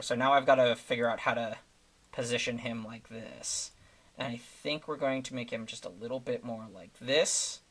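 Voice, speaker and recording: A man's voice: medium pitch, fairly bright tone. Casual male streamer, mid-range voice, talks his way through the work, loose and rambling. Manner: rambling, thinking aloud with many fillers. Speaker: streamer making thumbnails. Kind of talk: casual live-stream commentary.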